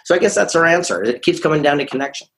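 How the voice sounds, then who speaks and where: A man's voice: fairly high pitch, lively intonation, rapid-fire, fairly bright tone. A man being interviewed with his son, talking in a casual chat and coaxing his son with prompting questions. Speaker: guest, father.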